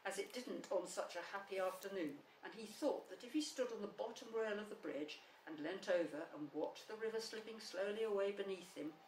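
Woman reader, expressive storytelling, roomy and slightly distant sound. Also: medium pitch, slight background noise. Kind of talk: reading a children's book aloud.

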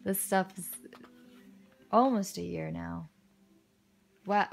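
A young woman casually commenting as she unboxes a photobook, gushing and excitable, with soft muttered asides between her exclamations. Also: lowish voice, slow, creaky, faint music behind. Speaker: unboxing vlogger.

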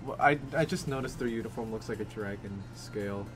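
A man's voice: on the low side, brisk. A man co-hosting a group game playthrough with goofy, offhand quips. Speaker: let's play co-host. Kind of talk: casual group game commentary. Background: game music.

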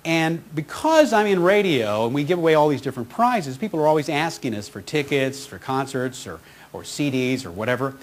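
A man who is a radio host and motivational speaker, telling an inspirational story with heartfelt, animated delivery and acting out the voices of people he met. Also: on the high side, a little fast.

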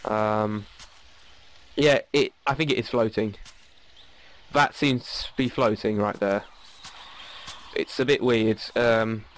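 A man casually commenting as he plays a video game. He rambles a little and fills pauses with lots of ums. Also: mid-range voice, a little hiss or hum. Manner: chatty, rambling with many fillers. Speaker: gaming channel host. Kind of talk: casual let's play commentary. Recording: game audio under the voice.

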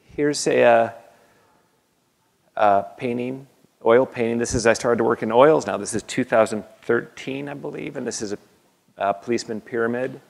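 A man, an artist, talking an audience through his slides in a halting way, with many fillers and restarts. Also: medium pitch, vocal fry. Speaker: artist giving a lecture. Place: university lecture hall. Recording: long reverb of a lecture hall.

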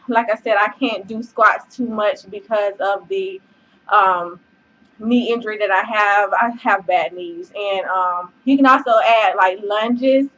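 Her voice leans high and a bit bright as she chats to the camera in a relaxed fitness vlog, cheering viewers on, using lots of fillers plus "y'all" and "child," and getting winded at moments. The audio is dull and faintly noisy, picked up from a distance.

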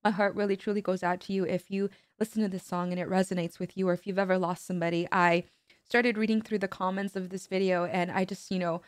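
A woman's voice: fairly low pitch, flat delivery, fast talker, dry recording. A woman hosting a music reaction video, talking in an earnest, rambling way with many fillers and restarts while tearful and collecting herself after crying. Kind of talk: emotional reaction commentary.

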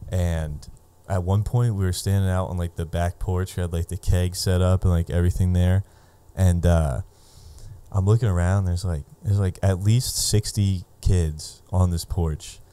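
Young male comic, low mellow voice, loose swearing storyteller, casual pod chat. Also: fairly even intonation, normal speed, smooth. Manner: loose, profane, lots of fillers. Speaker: guest comedian.

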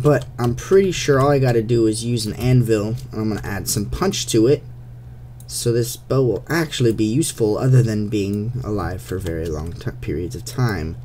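A man's voice: on the low side, darkish tone, slight background noise. A young man giving casual, playful commentary while he plays a game, talking to the monsters as he goes. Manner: chatty, playful, talks to the monsters. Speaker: gameplay commentator. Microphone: desktop USB microphone.

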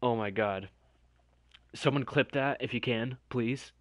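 A man's voice: medium pitch, unhurried, pauses often, no room sound, clean studio sound. Chatty young man streaming live. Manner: chatty, addresses viewers directly. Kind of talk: live stream commentary to chat.

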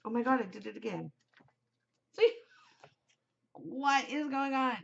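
A woman's voice: fairly high pitch, measured pace, creaky, lo-fi sound. A middle-aged woman hosting a podcast, chatting casually and giggling, easily distracted. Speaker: podcast host. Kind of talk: casual chat to camera.

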